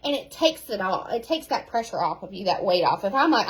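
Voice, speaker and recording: A woman, a sales team leader giving an animated, casual pep talk at home, repeating key phrases for emphasis. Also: on the high side, normal speed, slightly rough, rough recording.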